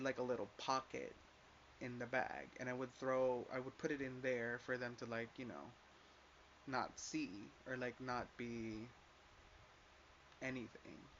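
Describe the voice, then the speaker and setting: Here a young vlogger with a medium-pitched, fairly bright voice tells a story in rant form, cursing freely and leaning hard on the word "like." His manner is emphatic throughout. A faint hiss sits under the slightly dull, lo-fi sound.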